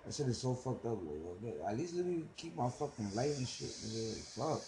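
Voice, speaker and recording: A man's voice: mid-range voice, very animated, moderate pace, noisy background. A young man with a New York accent, co-hosting a casual podcast and telling a story in loose, profane street slang. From the Bronx, New York. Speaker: podcast co-host.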